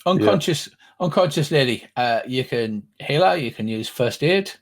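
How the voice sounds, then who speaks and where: An older man narrating as game master, explaining rules with halting, rambling speech. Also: mid-range voice, expressive.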